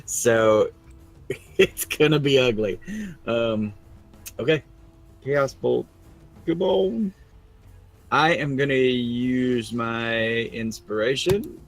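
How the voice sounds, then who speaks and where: Very slow-talking man playing a tabletop game. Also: mid-range voice, soft background music. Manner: very slow, laughing, hesitant. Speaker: player. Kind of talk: casual tabletop play.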